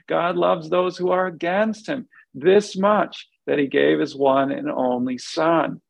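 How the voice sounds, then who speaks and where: A man's voice: on the high side, fairly even intonation, takes it slowly, creaky, dry recording, rough recording. A man co-hosting a podcast, explaining a Bible passage in an earnest, conversational way, restarting his sentences often as he thinks aloud. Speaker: podcast co-host.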